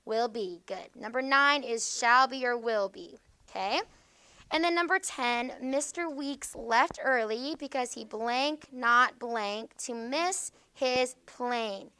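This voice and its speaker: A woman teacher with a fairly high, bright, forceful voice walks students through grammar. She is patient and explanatory, and she keeps checking their understanding with a quick "okay?". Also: clear, resonant tone. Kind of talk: classroom grammar lesson.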